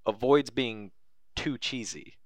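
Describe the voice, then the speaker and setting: A man's voice: medium pitch, slow pace, dry recording, clean studio sound. A man chatting casually and keenly, swearing now and then. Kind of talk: casual chat.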